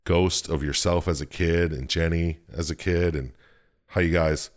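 A young man with a very deep voice tells a video game story in casual chat. He is animated and swears freely, slipping in bits of the characters' voices. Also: a little slow. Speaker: podcast co-host.

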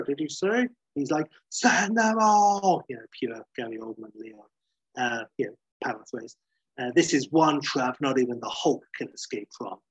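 A man tells a story in a husky, dry voice, casual and animated. He acts out the action with gusto and leaves in plenty of fillers. His voice sits at an ordinary pitch. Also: no room sound, highs cut off. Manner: lively, acts out scenes, fillers.

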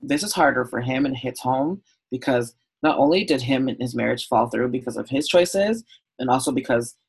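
Gravelly-voiced man sharing openly. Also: medium pitch, expressive, normal speed, rough recording. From Southern California, USA. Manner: open, heartfelt storytelling with frequent "um" and "like". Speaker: podcast guest. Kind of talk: candid conversational interview.

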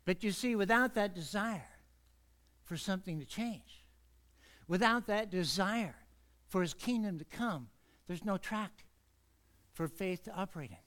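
A man preaching an earnest sermon in church, speeding up when he gets excited. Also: high-pitched, measured pace, pauses often. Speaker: pastor.

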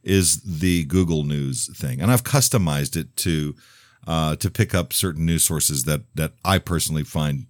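Male radio host, deep voice, dry close sound, loose rambling monologue, blunt and opinionated. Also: moderate pace, no room sound. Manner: rambling, with many restarts and asides. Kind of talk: casual monologue.

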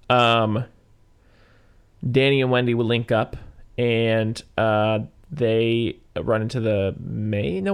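A man in casual conversation recapping a movie, rambling with fillers and casual swearing. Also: mid-range voice. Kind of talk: casual film discussion.

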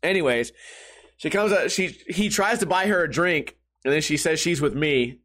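A man's voice: on the high side, moderate pace. A man telling a funny story casually, swearing a lot and laughing often. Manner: profane, animated, laughs often.

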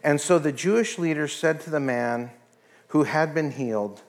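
Animated storytelling preacher, man. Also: fairly high pitch, moderate pace. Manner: storytelling, acts out dialogue, drops to soft whispers. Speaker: pastor. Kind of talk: sermon.

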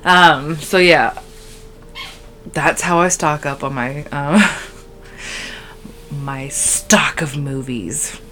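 A young woman hosting her podcast while badly short on sleep, her voice sitting low and her talk unhurried. She rambles, cuts sentences short and leans on filler words. A faint hiss runs under her close-mic voice. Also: fairly even intonation, bright, forceful tone. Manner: rambling, scatterbrained, valley-girl fillers. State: sleep-deprived, tired. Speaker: podcast host. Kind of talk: casual solo podcast chat. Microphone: podcast microphone.

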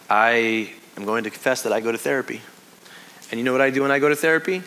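A man in his thirties giving a conversational sermon as pastor, full of restarts and sinking to a hush on heavy points. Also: mid-range voice, quick pace, slight background noise.

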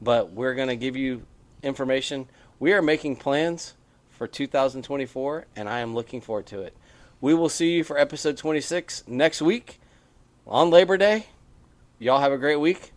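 A man's voice: mid-range voice, moderate pace, dry recording. A man co-hosting a casual motocross podcast, chatty and rambling with frequent restarts. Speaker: podcast co-host. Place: on a porch.

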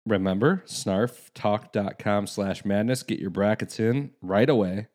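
A man's voice: on the low side, unhurried, darkish tone. A man co-hosting a podcast, teasing and joking in casual chat. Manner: playful, teasing, jumps into goofy voices. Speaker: podcast co-host.

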